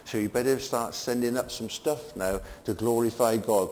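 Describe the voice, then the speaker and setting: An older man preaching a sermon, swinging between emphatic peaks and quiet asides. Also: mid-range voice, moderate pace, few pauses, in a large hall.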